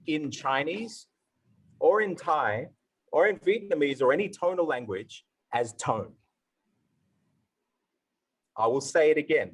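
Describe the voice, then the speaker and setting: A man's voice: a little high, expressive, measured pace, husky, poor audio. A man teaching pronunciation in a live question-and-answer session, enthusiastic and demonstrative, sounding out syllables to show how tones work. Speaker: Mandarin tone instructor answering questions. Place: online event session.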